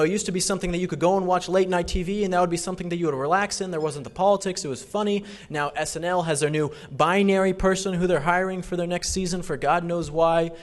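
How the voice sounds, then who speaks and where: A man giving an emphatic, repetitive speech at a fundraiser. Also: sits high. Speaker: political speaker.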